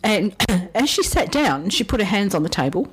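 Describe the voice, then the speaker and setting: A woman's voice: mid-range voice, big pitch swings, moderate pace, a little hiss or hum, low-quality recording. A woman, a psychic medium, telling rambling anecdotes in conversation and acting out the voices she quotes. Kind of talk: storytelling in a conversation.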